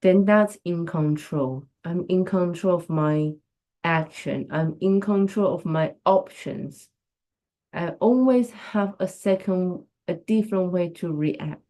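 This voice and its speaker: Slow, earnest woman giving a live pep talk. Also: fairly low pitch, mellow. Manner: earnest, repeats phrases for emphasis, speaks to viewers directly. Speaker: host of a live talk stream. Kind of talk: casual motivational talk.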